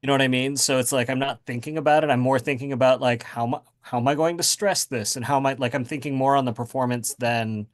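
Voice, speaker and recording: A man's voice: mid-range voice, fairly even intonation, fast, hardly any pauses. A man speaking as a guest author in a casual interview, rambling with many fillers and restarts.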